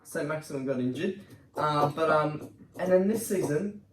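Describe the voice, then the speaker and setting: A man hosting a casual football podcast, bantering quickly and laughing easily. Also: on the high side, distant mic. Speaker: podcast host. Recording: roomy sound from off-mic, faint noise.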